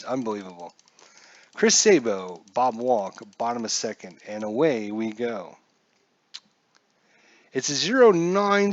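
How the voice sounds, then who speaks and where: A man's voice: mid-range voice, dry recording, muffled recording. A man calling a solo tabletop dice baseball game in a casual play-by-play, chatty and jokey, talking to himself as he checks his charts.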